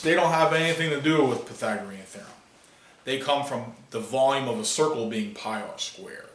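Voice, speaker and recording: A man teaching a classroom math lesson, animated and playful, asking students questions as he works. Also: on the high side. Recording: echoey classroom, voice from far off.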